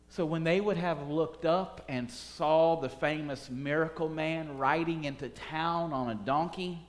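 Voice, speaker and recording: Man preaching, slow deliberate delivery, higher voice, long hall echo. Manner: dramatic swings from soft to loud, urgent calls. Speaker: pastor. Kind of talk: sermon.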